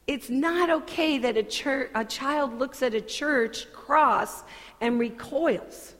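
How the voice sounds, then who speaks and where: Slow, earnest woman preaching in a reverberant hall. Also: high-pitched. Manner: earnest, deliberate preaching with conversational asides. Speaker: pastor. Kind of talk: sermon. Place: church sanctuary.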